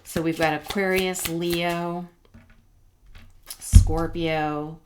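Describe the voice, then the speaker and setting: A woman's voice: fairly low pitch, flat delivery, very slow, background noise. A middle-aged woman giving a casual tarot reading, rambling and reassuring with many fillers and restarts. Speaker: tarot reader.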